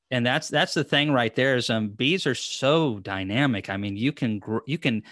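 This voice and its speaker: A man's voice: mid-range voice, fairly bright tone, no echo, clean studio sound. A man hosting a casual live-stream chat, rambling and chatty, with lots of fillers and restarts. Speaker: host. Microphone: headphones and desk mic.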